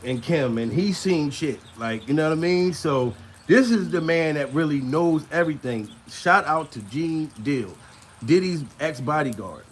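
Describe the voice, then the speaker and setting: A man's voice: a little high, lively intonation, unhurried, a little hiss or hum. A man doing casual comedic commentary, crude and rambling, laughing between lines and out of breath.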